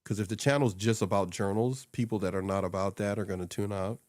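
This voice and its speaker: A man with a somewhat low voice talks loosely and animatedly as a co-host, often laughing and slipping into voices to quote people. He sounds close and dry, as if recorded in a small home studio. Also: fairly even intonation, fast, darkish tone, no echo. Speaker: podcast co-host and social media coach. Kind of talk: casual chat.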